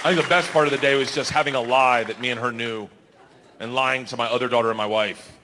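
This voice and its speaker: A man doing a stand-up comedy set, animated and storytelling, acting out voices and bantering with the crowd. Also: mid-range voice, quick pace. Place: comedy stage before a live audience. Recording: live show with audience laughter and background noise.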